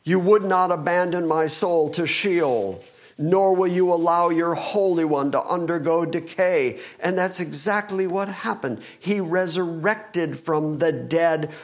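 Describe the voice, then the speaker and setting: A male pastor preaching a sermon, talking fast and reading scripture with emphasis. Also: a little high.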